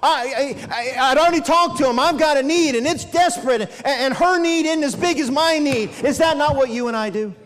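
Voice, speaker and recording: High-voiced preacher in a reverberant church. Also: male voice, fairly quick, few pauses, slight background noise. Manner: animated, acts out characters in asides. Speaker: evangelist preacher. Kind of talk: sermon. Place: church sanctuary. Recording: long hall reverb.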